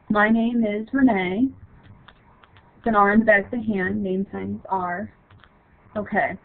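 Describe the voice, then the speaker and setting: Woman w a gravelly voice telling a story about when she was little, stops and restarts a lot, sounds like a phone line. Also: mid-range voice. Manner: halting short phrases with frequent restarts. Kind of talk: personal childhood story.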